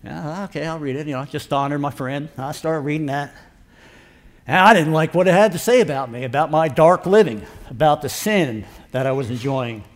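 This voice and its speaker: A man's voice: a little high, animated, normal speed. Older man telling a rambling story. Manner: rambling, folksy, acts out quoted dialogue. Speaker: storyteller giving a personal testimony. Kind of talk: casual spoken storytelling. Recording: long hall reverb.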